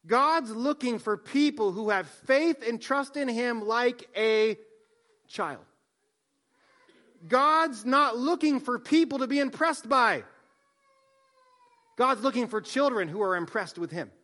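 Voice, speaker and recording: A man, a pastor, preaching a sermon, swinging from soft hushed line endings to loud emphatic lines. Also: very high-pitched, expressive, slow pace, long pauses.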